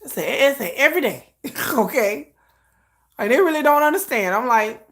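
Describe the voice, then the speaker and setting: Woman reaction streamer, high lively voice, bright and sharp, cussing rant. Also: slow, pauses often. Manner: animated, profane ranting; exasperated, laughing asides. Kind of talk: live reaction commentary.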